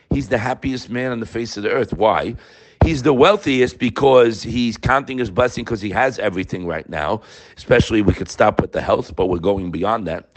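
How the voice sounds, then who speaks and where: A man in his sixties giving an inspirational Torah talk, telling stories with swings between quiet and emphatic moments. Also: medium pitch. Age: 60s. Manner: animated storyteller, swinging from quiet to loud. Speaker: Torah teacher.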